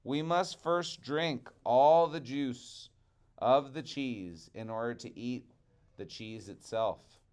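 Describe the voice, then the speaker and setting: A cunning male rabbit from a children's storybook, coaxing and pleading to talk his way out of danger, as a man reads him aloud. The voice stays smooth and clear, and the delivery is slow and deliberate. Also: medium pitch, a little mellow, natural voice. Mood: sly. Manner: pleading, persuasive. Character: sly quick-talking male trickster rabbit.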